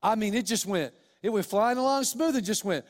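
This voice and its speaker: Man, pastor, sermon, high voice, impassioned, repetitive, long church reverb. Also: fairly quick.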